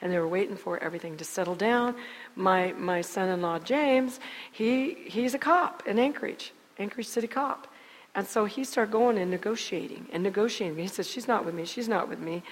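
A middle-aged woman shares an emotional testimony in the earnest, dramatic way of a church storyteller, breaking off and restarting her sentences as she goes. Her voice sits at an ordinary woman's pitch. A long reverb trails behind it, as in a large hall. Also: normal speed. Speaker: speaker giving a testimony.

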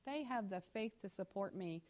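A woman preaches to her church, her mid-pitched voice climbing loud and slow on scripture. She then falls to low, quick, confiding asides and keeps asking the room questions. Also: expressive. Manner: talks straight to the congregation with questions. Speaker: church teacher in ministry with her pastor husband. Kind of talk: conversational sermon teaching from scripture. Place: in front of a church congregation.

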